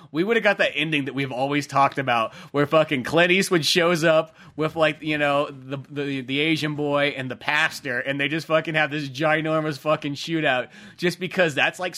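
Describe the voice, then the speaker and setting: A man's voice: on the high side, bright, forceful tone. A man chatting casually and profanely about a film, rambling with lots of fillers.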